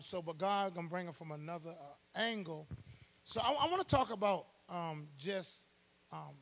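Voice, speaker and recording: A man preaching a Bible study sermon in church, calling out to the congregation for responses and swelling to loud emphasis. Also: high voice, gravelly. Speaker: pastor.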